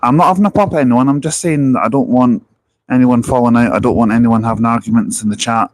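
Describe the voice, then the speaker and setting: A man's voice: mid-range voice, fast talker, dry recording, low-quality recording. A man hosting a casual live vlog outdoors at a bus station, talking earnestly and chattily into a handheld mic. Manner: earnest, chatty, with frequent restarts. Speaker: vlogger. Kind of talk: casual live-stream chat. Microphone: handheld wireless mic.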